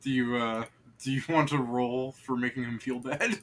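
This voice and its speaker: A man's voice: medium pitch, steady tone, normal speed, a bit bright. A man running a tabletop game as game master, narrating loosely with fillers.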